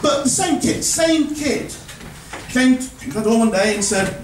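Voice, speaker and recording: A man's voice: extremely high pitch, animated, measured pace. Man doing stand-up in a roomy club. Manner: wry storytelling, acting out dialogue. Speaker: stand-up comedian. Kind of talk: stand-up comedy set. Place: comedy club stage. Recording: roomy club sound, mic heard from a distance, audience noise. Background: audience laughter.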